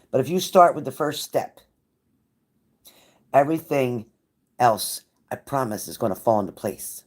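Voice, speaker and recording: A woman's voice: extremely low pitch, normal speed, long pauses, a little mellow. A woman giving a live tarot reading to viewers, blunt and profane, with a pep-talk delivery that repeats phrases for emphasis. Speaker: tarot reader.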